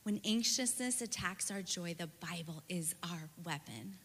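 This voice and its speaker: A woman speaks with a bright, forceful voice in an earnest and personal way, often adding "right" as she goes. Her devotional talk carries a long reverb, as if heard in a large hall. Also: fairly low pitch, measured pace, a little hiss or hum. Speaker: speaker at a church women's gathering.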